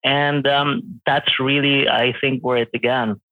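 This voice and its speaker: A man's voice: medium pitch, level tone, unhurried, no echo. A man in his late twenties, a photographer guest, talking casually with many fillers and restarts. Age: 20s. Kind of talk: casual interview chat. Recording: tinny phone-like call line.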